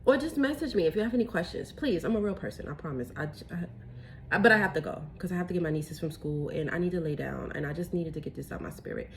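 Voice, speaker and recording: Casual chatty woman, slightly low voice, phone mic with faint hiss. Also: quick pace. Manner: chatty, excitable, says y'all. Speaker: tea seller showing her teas.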